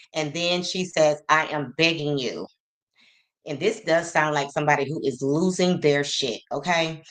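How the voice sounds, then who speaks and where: Low-voiced woman hosting a livestream. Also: a bit bright. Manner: reads messages aloud slowly, greets chat by name. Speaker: livestream host. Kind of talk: casual livestream commentary.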